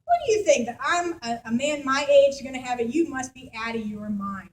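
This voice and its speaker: A woman's voice: high-pitched, moderate pace, natural voice. A woman preacher voicing Zechariah, an older man who dismisses good news with scorn. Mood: scornful.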